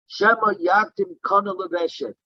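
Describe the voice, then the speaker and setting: A man's voice: high voice, fairly even intonation, moderate pace, dry recording, dull audio. A man teaching a daily Talmud class, reading Aramaic text in a singsong and explaining it in English. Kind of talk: Talmud lesson, reading and translating.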